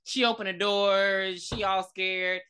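A woman co-hosting a casual movie review podcast, retelling scenes with animated energy and frequent swearing. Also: mid-range voice, slow, clean tone. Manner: animated retelling, acts out characters, profane. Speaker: podcast co-host.

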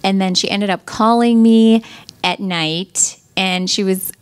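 A middle-aged woman recounts a personal testimonial as a mother, in an earnest and halting way that doubles back and restarts its sentences. Her voice sits at an ordinary middle pitch for a woman. The recording is dry, with no room echo. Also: fairly even intonation, clear, resonant tone.

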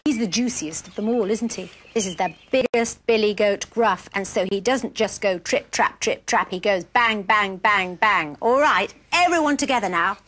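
A woman presenting a children's programme, reading a story aloud and coaxing children with questions in an animated way. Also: medium pitch, moderate pace, few pauses. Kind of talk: storytelling and quiz game for children.

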